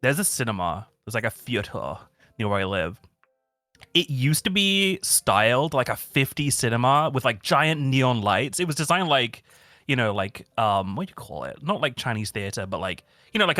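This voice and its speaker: A man chatting casually as a stream guest, rambling with lots of fillers and telling stories in an animated way. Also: medium pitch, normal speed, no room sound. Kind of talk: casual chat.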